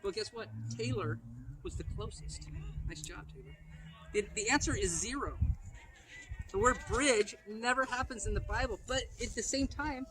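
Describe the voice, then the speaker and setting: A high-pitched man gives a playful children's message, quizzing the young listeners and joking with them. His voice sits well above the usual male range. The recording is noisy, with a steady hiss of room sound underneath. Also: moderate pace. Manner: playful, asks kids questions. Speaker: pastor.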